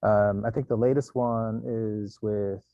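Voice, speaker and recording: Man with a dark muffled voice. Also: fairly low pitch, steady tone, takes it slowly, no echo. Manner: searching, restarts often. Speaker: panel moderator and company co-founder. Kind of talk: casual panel discussion.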